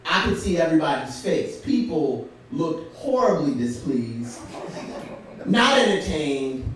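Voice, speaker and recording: Brief: young man from Brooklyn, lively storyteller onstage, voice rides high and roams, caught from off mic. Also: recorded from a distance, a little hiss or hum. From Brooklyn, New York. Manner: animated, laughs through his telling. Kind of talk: live comedic storytelling. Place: theater stage before a live audience. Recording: very echoey theater, from off mic.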